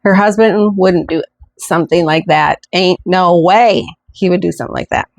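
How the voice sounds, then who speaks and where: A woman's voice: on the low side, moderate pace, gravelly, dry recording. A woman hosting a podcast, telling a true-crime story in a chatty way with indignant asides. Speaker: podcast host.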